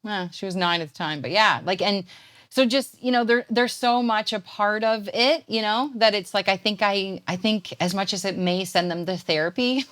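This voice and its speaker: A woman's voice: medium pitch, normal speed, fairly bright tone. A woman in her thirties from Canada, a poet and guest chatting casually in an interview, rambling with lots of fillers.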